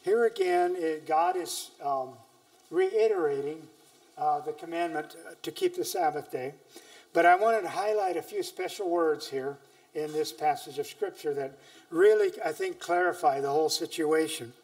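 A man's voice: fairly high pitch, normal speed, a little mellow, far from the mic. A man preaching a sermon in church, reading scripture emphatically between hesitant, searching remarks.

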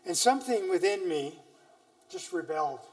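A man's voice: sits high, animated, normal speed, recorded from a distance. A man preaching a sermon in church, reading scripture emphatically between hesitant, searching remarks.

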